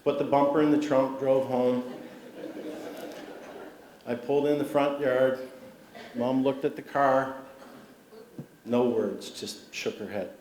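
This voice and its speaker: A man's voice: medium pitch, fairly even intonation, slow, pauses often, a little hiss or hum. Man telling stories at an awards dinner. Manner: warm anecdotal storytelling with humor. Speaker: award inductee giving a speech. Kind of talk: storytelling acceptance speech. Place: large civic hall. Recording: roomy hall with faint ambience.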